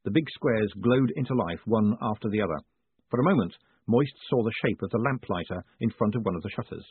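A male audiobook narrator with a very husky, breathy voice and a lively, swooping delivery. The recording is thin and phone-like, and dry with no room sound. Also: on the low side, brisk, dry recording. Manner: lively, expressive storytelling. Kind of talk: scripted narration.

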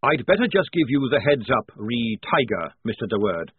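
A man playing a crafty old male sergeant, sly and conspiratorial, lively pitch, husky, tinny phone-like sound. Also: normal speed, no room sound. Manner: sly, conspiratorial, folksy soldier talk. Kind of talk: audiobook character voice.

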